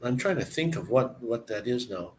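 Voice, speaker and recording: A man chatting casually and explaining words, halting and searching for words as he goes. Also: mid-range voice, expressive, a little hiss or hum. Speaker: person explaining language to a visitor. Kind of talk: casual chat.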